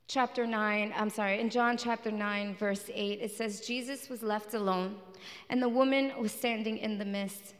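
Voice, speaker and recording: A woman's voice: mid-range voice, fairly even intonation, normal speed. A woman preaching a sermon in a church, telling her testimony with passion and repeating her phrases. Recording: reverberant hall.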